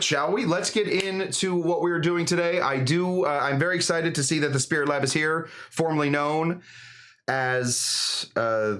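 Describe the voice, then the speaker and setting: A man's voice: a little high, fairly bright tone. A man hosting a live cocktail stream, chatting in a rambling, jokey way full of fillers. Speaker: host of a live cocktail show.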